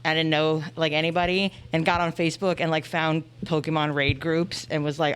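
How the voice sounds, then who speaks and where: A woman's voice: deep voice, fairly even intonation, a little fast, few pauses, clear, resonant tone. A young woman at a convention panel, chatting casually into a handheld mic and filling her story with "like". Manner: chatty, heavy use of "like". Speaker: audience member at a panel.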